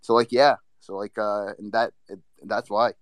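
A man's voice: lowish voice, level tone, moderate pace, no room sound. A man speaking as a trader guest in a casual online audio room. He talks in a laid-back way, full of fillers.

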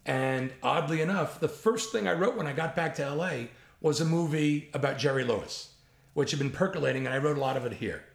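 Older man, 60s, New York accent, gravelly voice, animated storyteller, roomy echo. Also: a little high, brisk. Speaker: guest, writer. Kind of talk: storytelling interview.

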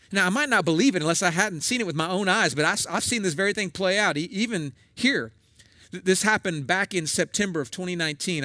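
A man's voice: on the high side, a bit bright, no room sound, studio quality. A middle-aged male pastor, preaching a sermon in a conversational, folksy way with emphatic asides.

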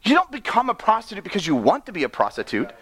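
A man preaching an animated sermon, often laughing and acting out the people in his story. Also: high voice, quick pace, husky. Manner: excitable, laughs often, acts out characters.

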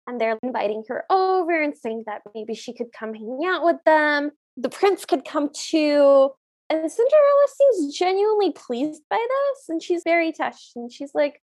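A woman's voice: high voice, very animated, normal speed, a little mellow. A woman co-hosting a podcast, chatting in an opinionated way about a film and stretching words out for emphasis. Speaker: podcast co-host. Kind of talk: casual chat recapping a film.

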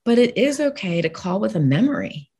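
A woman guest speaking frankly and warmly about grief, with easy laughter and dark humor. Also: mid-range voice, big pitch swings, fairly quick, slightly rough. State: widowed. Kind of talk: candid conversation about grief.

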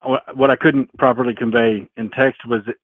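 A man's voice: medium pitch, fairly even intonation, normal speed, dry recording. A man from Arkansas with a Southern accent, calling in to a show and talking earnestly about his lawn. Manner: earnest, rambling, casual cursing. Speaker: caller. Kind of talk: phone-in conversation. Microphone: phone. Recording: tinny phone line.

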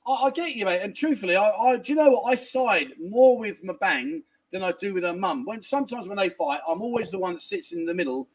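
Speaking a little fast and barely pausing, a man with an animated, high voice hosts a relaxed livestream. He reads viewer messages and rambles conversationally with offhand swearing and plenty of restarts, all from indoors at a family home in a village.

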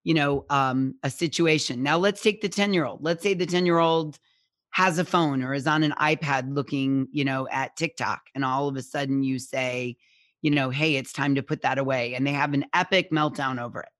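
A woman guest speaking as a parenting expert in a conversational interview, animated and acting out little quotes, often checking in with "right?". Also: low-pitched, normal speed, no echo, studio quality. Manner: animated, acts out parent and child quotes, keeps asking "right?".

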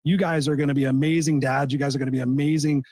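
A man with a slightly high voice talks very quickly and earnestly about personal loss, circling back and restarting his sentences. He coaches people and speaks as a guest in a podcast conversation. The sound is close and dry. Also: fairly even intonation, darkish tone, breathy edge, no echo. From Southern California. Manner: heartfelt, repetitive restarts. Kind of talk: emotional personal storytelling.

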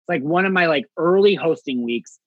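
A male comedian telling a story in casual chat, animated and acting out voices with big jumps in pitch. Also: brisk, no room sound, phone-quality sound.

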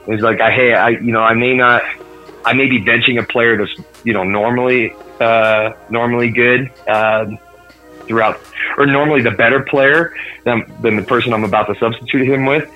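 A man's voice: mid-range voice, steady tone, normal speed, highs cut off, faint music behind. A man in casual sports podcast chat, rambling with many fillers and restarts. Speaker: podcast co-host.

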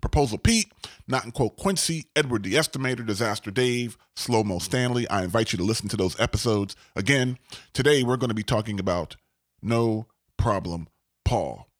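Lively, emphatic podcast host man. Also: on the low side, normal speed, no echo, studio quality. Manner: emphatic, keeps asking "all right?". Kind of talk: casual monologue.

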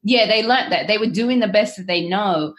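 A woman interviewing a guest in casual, chatty conversation, quick to laugh. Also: mid-range voice, background noise. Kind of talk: casual chat.

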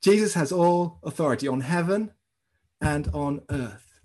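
Husky-voiced pastor preaching a sermon. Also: male voice, fairly high pitch, a little slow. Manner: storytelling, animated, talks directly to the congregation. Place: church service streamed online.

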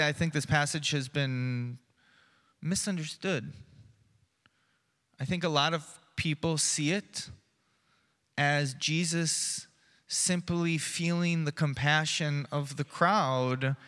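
A pastor preaching a sermon, earnest and measured, sometimes dropping to a soft, slow, reflective tone. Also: male voice, fairly high pitch, clear, resonant tone, big-room sound. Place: church sanctuary.

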